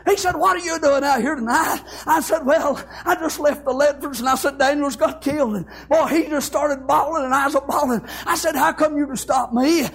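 A man's voice: very high voice, a little fast, vocal fry, hardly any pauses, a bit bright. A middle-aged man, preaching a sermon and telling stories, punctuating his talk with "amen" and "thank God". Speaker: pastor. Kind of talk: sermon with storytelling.

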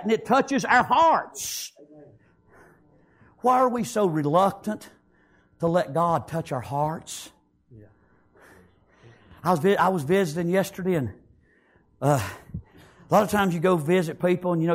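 High-pitched preacher guy, fired up, amen after every line, shouts sometimes. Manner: fervent, repeats "praise God" and "amen", rises to shouts. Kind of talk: sermon.

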